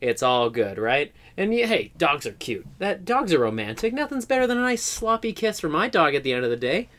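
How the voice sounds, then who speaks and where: Animated man pitching a silly scene. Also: fairly quick. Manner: animated storytelling, jumps into shouted put-on voices. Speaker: podcast co-host pitching a scene. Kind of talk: improv comedy pitch, casual banter.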